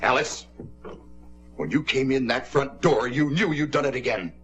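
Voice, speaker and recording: A man's voice: mid-range voice, moderate pace, fairly bright tone, soft background music, lightly acted. An actor playing a stern working-class father in a 1950s television drama, scolding and commanding his daughter. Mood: angry, scolding.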